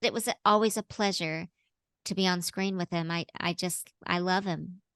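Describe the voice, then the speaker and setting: A woman talking as an actress guest in a casual interview, bubbly and quick to laugh. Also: fairly low pitch, steady tone, a bit bright, smooth, dry recording, clean studio sound. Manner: bubbly, laughing, jumps into playful voices.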